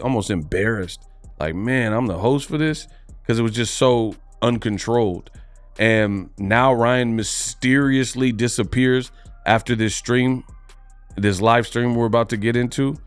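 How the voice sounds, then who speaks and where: A man's voice: fairly low pitch, no room sound. A man hosting a boxing commentary video, talking in a loose, conversational way and drawing out his lines. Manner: loose, conversational, drawn-out delivery.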